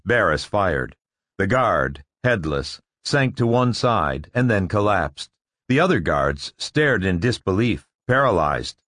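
A man narrating a science-fiction story with expressive storytelling delivery. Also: low voice, dry recording, studio quality. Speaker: audiobook narrator. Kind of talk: scripted narration.

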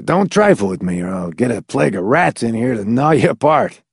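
A man's voice: mid-range voice, big pitch swings, brisk, creaky, slightly rough, no room sound, studio quality, full character voice. A male narrator voicing a smug, cocky man who talks in a breezy, mocking way. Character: smug, cocky man loaded with lucky charms.

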